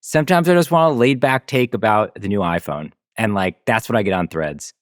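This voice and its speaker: A man's voice: lowish voice, fairly quick, no echo, studio quality. A man joining a podcast chat, laid-back and jokey, with lots of "like" and "um". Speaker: podcast guest panelist. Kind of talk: casual chat.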